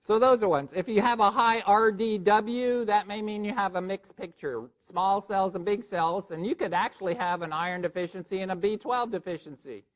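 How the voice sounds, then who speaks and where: A man with a high-pitched voice runs a board review lecture, joking along and firing questions at his listeners. He keeps the talk lively as he teaches. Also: normal speed, few pauses. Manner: lively, joking, quizzes the audience.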